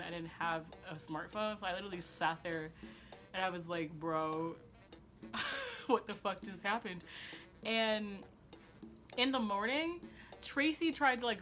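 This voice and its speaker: A woman recounts a story in a casual vlog, her voice bright and forward. She rambles with plenty of fillers, swears freely and keeps breaking into laughter. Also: mid-range voice. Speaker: storytelling vlogger.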